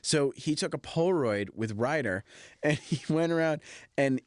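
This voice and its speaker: A man, a film director, giving a DVD audio commentary, telling stories in an animated way and mimicking the people he quotes. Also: on the high side, moderate pace, no room sound, clean studio sound. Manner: animated anecdotal storytelling, mimicking others in quoted dialogue.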